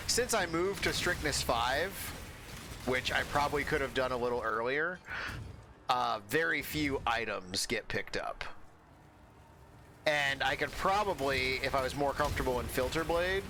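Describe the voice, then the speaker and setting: Rambling man chatting over background noise. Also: medium pitch. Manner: rambling, many fillers and restarts. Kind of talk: casual chat while gaming.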